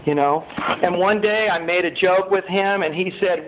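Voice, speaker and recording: A man sharing his recovery story as a personal testimony. He talks in an animated way with many fillers and raises his voice as he relives the scenes. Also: high-pitched, moderate pace. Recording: tinny phone-like sound with faint noise.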